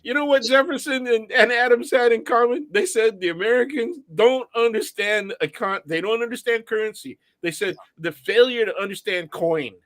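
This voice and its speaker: Male co-host, high voice, dry and close to the mic, argumentative and laughing often. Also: normal speed, hardly any pauses, a bit bright, no echo. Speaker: co-host commentator. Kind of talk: casual political chat.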